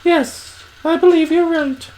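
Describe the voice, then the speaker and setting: A man voicing a gentle middle-aged noble wife in a soft falsetto while reading a visual novel aloud. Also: steady tone, slow, a little hiss or hum, rough recording.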